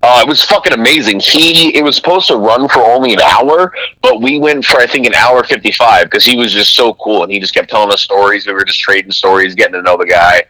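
A man in his twenties, a podcast guest in casual chat, agreeable and quick with profanity. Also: fairly low pitch, bright, forceful tone, no echo, rough recording. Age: 20s.

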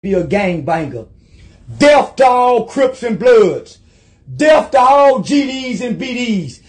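A man voicing a solemn male mock preacher who chants curses in measured, chant-like pronouncements. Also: extremely high pitch, very animated, heavily acted.

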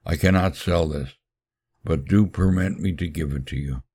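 A man's voice: a bass voice, normal speed, darkish tone, husky. A man voicing an old male pearl diver, proud and devoted, in a solemn storybook telling. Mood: pleading. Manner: solemn, earnest pleading.

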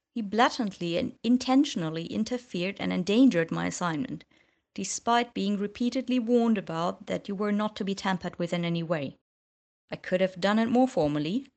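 A woman's voice: medium pitch, darkish tone, lightly acted. A woman reading the lines of a cool, sardonic young male wizard in an audiobook. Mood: smug.

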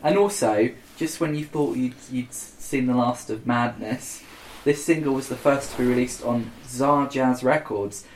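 A man's voice: medium pitch, unhurried, few pauses, reverberant, a little hiss or hum, low-quality recording. A man co-hosting a podcast, teasing the others and reading out facts in casual chat. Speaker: podcast co-host.

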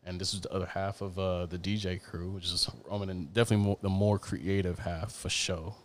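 A man's voice: sits low, level tone, fairly quick, a little hiss or hum. A young man hosting a casual podcast chat, laid-back and slangy with many fillers. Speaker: podcast host.

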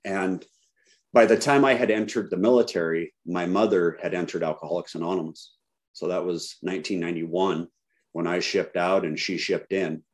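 A man's voice: low-pitched, fairly even intonation, normal speed. A middle-aged man giving a candid personal recovery talk to a group, telling his story with self-deprecating humor. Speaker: recovery speaker.

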